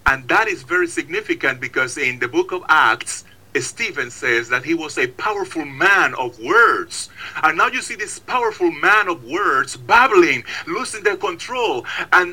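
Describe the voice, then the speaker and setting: Male preacher, slightly high voice, very bright and sharp tone, emphatic repetitions. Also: rough recording. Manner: emphatic, repetitive, dramatizing stories. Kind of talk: sermon.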